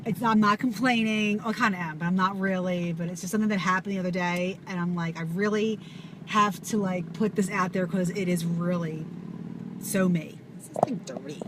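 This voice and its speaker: A woman telling a story to camera in an animated, casual way, swearing and full of fillers. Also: fairly low pitch, fairly quick. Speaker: vlogger. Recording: audible background noise.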